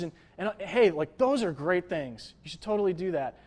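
A man's voice: high voice, animated, a little fast, few pauses, darkish tone. A young man preaching a casual, conversational sermon, joking and filling his talk with "like" and "uh". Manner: conversational, jokey, lots of fillers like "like" and "uh". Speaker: pastor.

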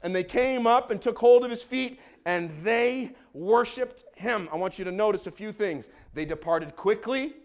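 A man preaching a sermon as pastor, exuberant, with shouted calls to the congregation and joking asides. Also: high voice, normal speed, few pauses.

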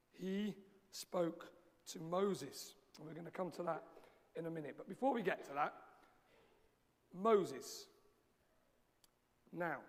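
A man with a slightly croaky voice preaching a sermon in a conversational, unhurried way, pausing often with small fillers. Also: a little high. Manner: measured, conversational preaching with frequent pauses and fillers. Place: church sanctuary, live-streamed service. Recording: long reverb of a large hall.

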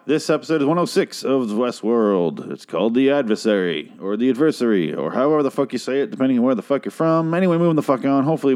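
A man's voice: mid-range voice, darkish tone. A man hosting a podcast, talking in a casual, rambling way full of swearing and filler words. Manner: profane, rambling, with frequent fillers. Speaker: podcast host reviewing a TV series.

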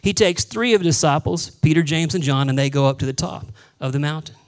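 A male pastor preaching a sermon, animated, acting out the voices of Bible figures and dropping to a hush for solemn moments. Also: on the high side, a little fast, rough recording. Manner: drops to a hushed voice for solemn moments.

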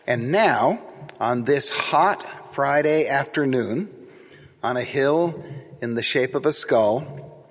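A man gives a sermon at an unhurried, deliberate pace. His voice is a little husky, and his words ring out with a long reverb through the church. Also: mid-range voice. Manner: slow, reflective, gentle delivery. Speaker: preacher.

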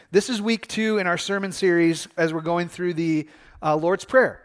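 Man, pastor, sermon, high voice, casual storytelling, fillers and restarts. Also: normal speed. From Michigan.

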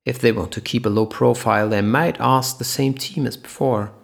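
A man reading the part of a practical female team member, with a husky, gravelly voice. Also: mid-range voice, fairly even intonation, moderate pace. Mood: thoughtful.

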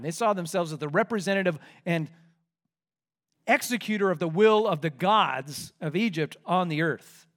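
A man preaching an expository sermon in an animated, conversational way as pastor. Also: on the high side.

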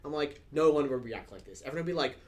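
A man's voice: fairly high pitch, lively intonation, quick pace, crowd noise. A man co-hosting a casual podcast chat, rambling and swearing freely, with lots of filler words. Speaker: podcast co-host.

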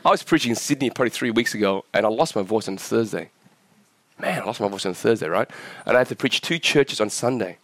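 Fast, animated, and a bit bright, this pastor's voice comes through with no echo. He's in his forties, originally from Vietnam, and is preaching in a church despite being sick and coughing. His delivery is impassioned, lifting in pitch at peaks, with many questions aimed at the congregation.

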